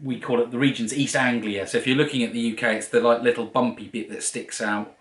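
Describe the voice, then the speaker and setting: A man's voice: medium pitch, flat delivery, fast, reverberant. A man from Norfolk whose mild Norfolk accent has faded toward London English, chatting casually with dry humour and plenty of ums. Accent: mild Norfolk fading into London English. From Norfolk, England. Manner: easygoing, dry humour, many "um"s. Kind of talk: casual Q&A chat.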